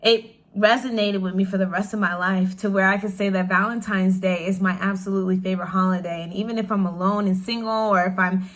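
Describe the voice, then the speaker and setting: A woman's voice: medium pitch, steady tone, a little fast. A young woman chatting casually to camera in a question-and-answer vlog, bubbly and full of "like" fillers, laughing often. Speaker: vlogger.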